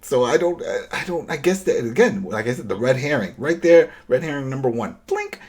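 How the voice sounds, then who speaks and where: A man co-hosting a podcast, retelling a TV episode in casual chat with lively storytelling and dry, sarcastic asides. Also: medium pitch, a little fast, husky. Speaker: podcast co-host.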